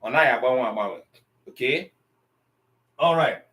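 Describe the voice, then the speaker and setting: A man teaching an online language class, pausing often with ums as he explains tone. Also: medium pitch, animated, fairly bright tone. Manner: slow, deliberate, with frequent ums and pauses.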